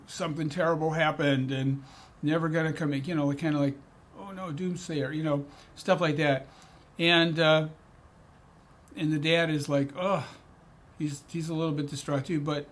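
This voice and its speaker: Chatty deacon, man, fairly high voice. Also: a bit bright. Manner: chatty, storytelling, many fillers and asides. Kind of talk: casual daily scripture reflection.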